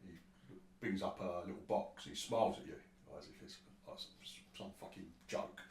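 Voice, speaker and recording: A low-voiced man runs a tabletop game, rambling and swearing as he narrates. The room sounds echoey, and he is picked up from some distance away. A faint ambience hums in the background. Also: moderate pace. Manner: rambling and sweary, with many restarts. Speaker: game master.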